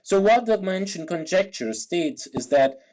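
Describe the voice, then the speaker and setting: A man presenting an academic philosophy talk, setting out his points in a careful, structured order. His voice is a little higher than the male average. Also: animated, a little slow, a little mellow, rough recording. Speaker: lecturer.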